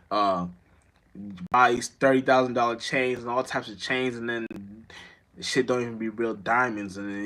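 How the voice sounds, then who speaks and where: A man's voice: fairly low pitch, a bit bright. A man giving a casual, rambling monologue to his viewers. He swears a lot, stumbles over words, restarts often, and keeps checking in with his listeners. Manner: keeps asking "you know what I'm saying". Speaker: streamer.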